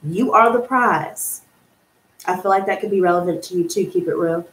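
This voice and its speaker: A woman hosting a live tarot stream, reading out viewer comments and answering them in a gushing, excitable way that breaks into laughter. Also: on the low side, moderate pace. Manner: excitable, gushing, calls viewers girl and honey, bursts of laughter. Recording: echoey room with faint noise.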